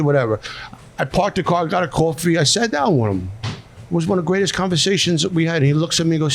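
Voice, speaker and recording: A man's voice: on the high side, expressive, fast talker, a little hiss or hum. A middle-aged man with a Philadelphia Italian-American accent, a restaurateur talking bluntly and emotionally in an interview, street-tough and repeating words when moved. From South Philadelphia. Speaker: restaurateur guest. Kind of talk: emotional candid conversation.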